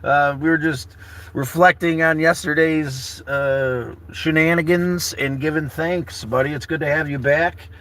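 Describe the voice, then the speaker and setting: A man's voice: fairly high pitch, fairly even intonation, measured pace, fairly bright tone. Laid-back man rambling from his camper. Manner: rambling, laid-back, calls viewers brother and buddy. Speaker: travel vlogger. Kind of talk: casual morning livestream chat. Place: inside a camper car.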